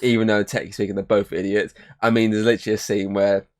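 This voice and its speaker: A man chatting casually about a comedy series, quick and swearing freely. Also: fairly low pitch, flat delivery, darkish tone. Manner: quick, swearing, laughs often. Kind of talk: casual chat.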